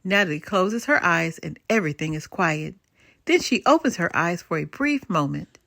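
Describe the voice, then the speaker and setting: An older woman storyteller reading a bedtime story aloud, her pitch rising and falling a lot. The recording is close and dry, with no room around her. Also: moderate pace, creaky, no room sound. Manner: expressive, lilting.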